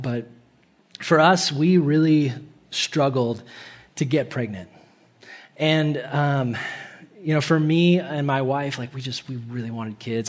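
A young man preaching a sermon in a church, casual and animated, laughing often and acting out quotes in a higher voice. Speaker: pastor. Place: church hall.

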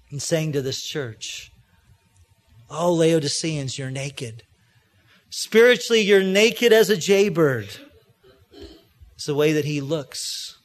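Male pastor, higher-pitched voice, easygoing storytelling sermon delivery. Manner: storytelling preacher, acts out quoted voices; conversational, with frequent restarts.

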